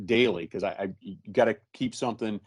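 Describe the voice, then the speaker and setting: A man co-hosting a casual interview, speaking in a relaxed, halting way with frequent restarts. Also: lowish voice, husky, dry recording. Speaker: co-host and musician.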